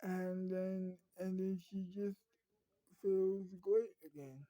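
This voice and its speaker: A woman spins an improvised story, stopping and restarting constantly and filling gaps with ums. Her voice is mellow and her pace slow and unhurried. The sound is dry and close to the mic. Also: mid-range voice, no room sound, rough recording. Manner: halting, many fillers and restarts.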